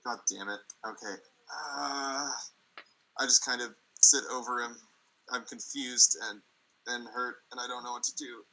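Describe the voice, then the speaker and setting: A man player in a tabletop session with a very bright voice. He talks haltingly, stammering through fillers as he describes what his character does. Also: medium pitch, fairly even intonation, rough recording. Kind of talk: tabletop role-play chat.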